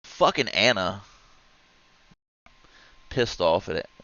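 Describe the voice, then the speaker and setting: A man chatting casually on a livestream, rambling and swearing, with sudden loud outbursts. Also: lowish voice, big pitch swings, slow pace, vocal fry, no room sound, highs cut off. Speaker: streamer.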